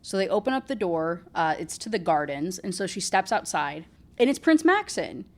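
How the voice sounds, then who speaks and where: A woman's voice: fairly low pitch, very animated, moderate pace. A woman recapping a novel in a casual, rambling chat with sarcastic asides, saying "like" a lot. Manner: chatty, rambling, full of "like". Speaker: book reviewer.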